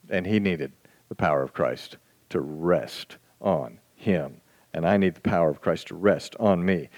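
A man preaching a sermon in a conversational, folksy and self-deprecating way, reading scripture slowly and deliberately. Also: low-pitched, a little mellow. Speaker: pastor.

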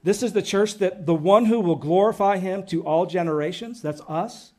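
High-voiced man preaching with rising excitement. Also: normal speed. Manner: earnest, growing excited and emphatic. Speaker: pastor. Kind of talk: sermon.

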